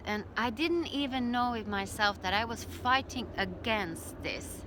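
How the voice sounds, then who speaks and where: A middle-aged woman telling her own story as a birth educator, in a calm, reflective way. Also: a little high, a little slow, few pauses, noisy background. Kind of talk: personal storytelling.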